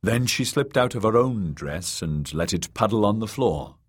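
A man narrating an audiobook in a measured, dramatic reading. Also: lowish voice, lively intonation, breathy edge.

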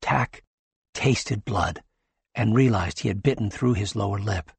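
A man narrating a novel in a steady, measured scripted reading. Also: lowish voice, creaky, husky, no echo. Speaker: audiobook narrator.

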